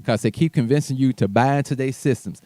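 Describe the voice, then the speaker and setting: A man's voice: mid-range voice, fast talker, dark tone, no echo. A man hosting his own show, ranting bluntly and profanely in a heated commentary monologue with mocking asides. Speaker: show host.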